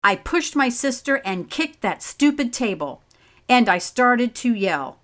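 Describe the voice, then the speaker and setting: A woman reading a children's picture book aloud as a teacher, pausing to ask the listeners simple questions. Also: a little high, very animated, a bit bright. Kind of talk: slow read-aloud storytime with questions.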